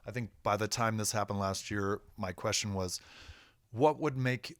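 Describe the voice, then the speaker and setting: A man's voice: lowish voice, level tone, normal speed, a bit bright, smooth, dry recording, clean studio sound. A man, telling stories as a podcast guest in a laid-back, reflective way. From United States. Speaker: rock musician guest. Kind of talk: casual storytelling interview.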